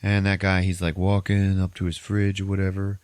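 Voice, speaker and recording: Low, dry-sounding male podcast host, profane and animated storyteller. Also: brisk, smooth, dry recording. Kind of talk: casual movie recap.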